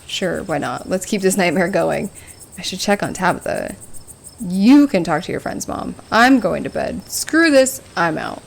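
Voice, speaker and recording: A woman's voice: lowish voice, animated, a little slow, gravelly. A woman giving casual let's-play commentary, crude and sarcastic, swearing freely. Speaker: gaming video host.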